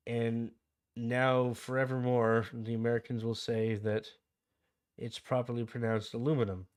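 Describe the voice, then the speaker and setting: Canadian male streamer, young adult, rambling casual delivery, average pitch. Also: completely flat delivery, unhurried, clear, resonant tone. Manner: rambling, digresses into anecdotes, reads chat aloud. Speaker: livestream host. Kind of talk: casual livestream chat about a game.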